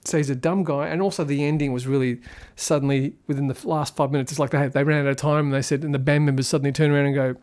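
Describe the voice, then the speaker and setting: A man's voice: fairly high pitch, fairly even intonation, racing, hardly any pauses, darkish tone. A man giving a casual spoken film review, rambling and critical as he thinks aloud.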